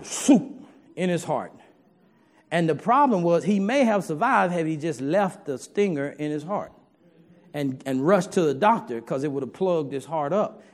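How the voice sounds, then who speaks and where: A man's voice: a little high, darkish tone. A man preaching a sermon to his congregation in a folksy, humorous way, talking straight to the listeners.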